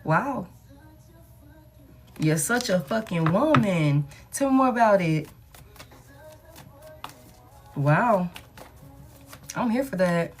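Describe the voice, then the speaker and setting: Woman, casual tarot reading, slangy and blunt, middle pitch, faint music behind. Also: lively intonation, takes it slowly, long pauses. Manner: blunt, slangy, affirming, swears freely. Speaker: tarot reader.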